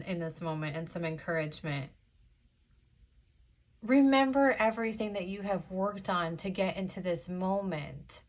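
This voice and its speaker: A young woman giving a casual pick-a-card tarot reading, chatty and sassy, rambling with lots of fillers. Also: fairly low pitch. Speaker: tarot reader.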